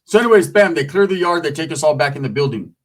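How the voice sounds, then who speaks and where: A man's voice: fairly high pitch, fast talker. Streetwise man telling a story. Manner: streetwise, profane, animated retelling with acted quotes. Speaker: storyteller recounting prison life. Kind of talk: casual storytelling.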